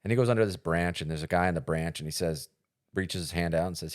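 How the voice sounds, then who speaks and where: A man with a very low voice talks casually on a podcast, wandering through his thoughts with plenty of fillers and false starts. He tells a story in an easygoing, conversational way. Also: fairly even intonation, fast talker, a little mellow. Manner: rambling, storytelling with many fillers and restarts. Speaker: podcast co-host.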